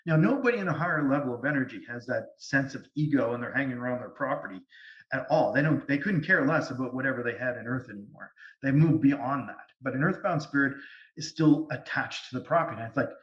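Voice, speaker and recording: A man speaking as a guest medium, telling stories in an animated way over a video call. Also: mid-range voice, quick pace. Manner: animated, lively storytelling. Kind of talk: storytelling interview. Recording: distant, echoey, dull sound.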